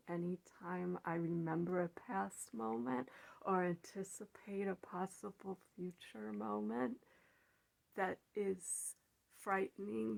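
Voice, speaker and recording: A woman in a personal reflective monologue, speaking haltingly with restarts and sometimes dropping to a soft near-whisper. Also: medium pitch, creaky. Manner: halting, with repeated words and restarts. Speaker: vlogger.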